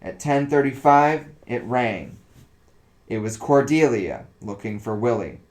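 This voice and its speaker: A man narrating a story aloud in a relaxed, casual reading voice. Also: mid-range voice, unhurried, low-quality recording.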